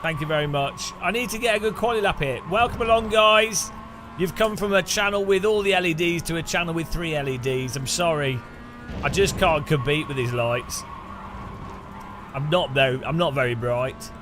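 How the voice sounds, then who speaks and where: A man's voice: on the high side, normal speed, over music. A man chatting and joking with viewers while sim racing, laughing often. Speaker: streamer.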